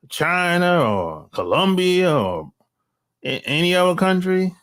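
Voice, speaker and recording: An American man with a slightly high, somewhat bright voice delivers a casual opinion monologue into his cell phone. He's blunt and slangy, with mocking asides along the way.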